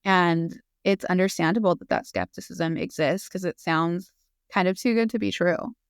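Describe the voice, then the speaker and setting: 30s woman clinician on a podcast, earnest and chatty, smooth voice with some fry, dry close mic. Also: on the low side, steady tone, moderate pace, dry recording. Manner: earnest and open, with fillers and laughs. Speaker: guest, physician assistant. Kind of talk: casual interview conversation.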